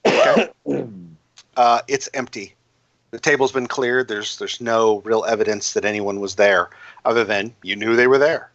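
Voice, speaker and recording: A man narrating a tabletop game as game master, halting and full of fillers and restarts. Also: mid-range voice, a bit bright, dry recording, lo-fi sound.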